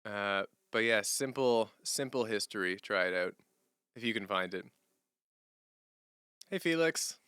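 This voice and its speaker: A young man chatting casually on a livestream, answering viewer questions in a relaxed, rambling way and laughing often. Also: fairly low pitch, a little slow, pauses often, smooth, dry recording, clean studio sound. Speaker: streamer.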